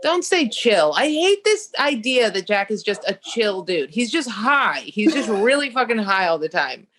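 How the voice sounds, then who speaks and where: A woman's voice: mid-range voice, normal speed. A young woman, a comedian guest on a talk show, telling a story in casual chat, profane and acting out the voices of the people in it. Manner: animated, profane, acts out quoted voices.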